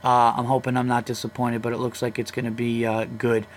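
A man's voice: medium pitch, monotone, brisk, slight background noise. A man, hosting a casual solo podcast, ranting bluntly and swearing freely about sports fans. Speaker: podcast host.

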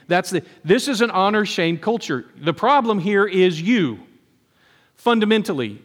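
In a church sanctuary with long hall reverb, a pastor preaches a sermon conversationally, often acting out the voices he quotes. His voice sits high, expressive and fairly quick.

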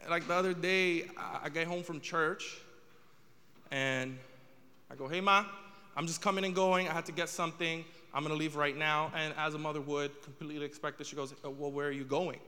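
A man's voice: fairly high pitch, steady tone, a little fast, pushed and bright, long reverb tail. A young man doing a stand-up comedy set, telling a story with rising exasperation.

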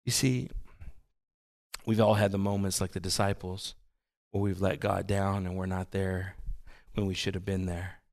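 A man preaching a sermon, earnest, swinging between soft and loud, repeating his phrases. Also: sits low, flat delivery, moderate pace, gravelly, pauses often, no echo, clean studio sound. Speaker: pastor.

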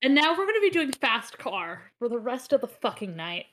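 A woman co-hosting a podcast in casual chat, steering the talk with quick asides, on her own mic over a remote call. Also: a little high, very animated, a bit bright. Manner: organizing, quick asides, scattered. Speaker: podcast co-host and editor.

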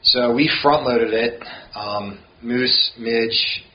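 A young man telling a relaxed, casual story as a podcast guest, swearing now and then. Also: medium pitch, extremely slow. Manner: laid-back, swears casually. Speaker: podcast guest, thru hiker. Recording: dull lo-fi sound with faint hiss.

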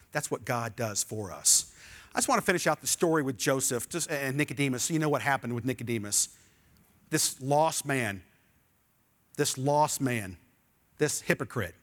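A middle-aged male pastor preaching a sermon, animated and leading the congregation in call-and-response. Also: mid-range voice.

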